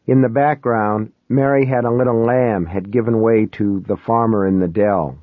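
A man reading a first-person novel aloud in a wry, measured way. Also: lowish voice, no room sound. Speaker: audiobook narrator. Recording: tinny, phone-like, dry.

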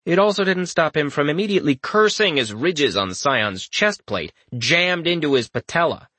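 A man narrating a fantasy audiobook in an expressive storytelling manner. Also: fairly high pitch, moderate pace, dry recording.

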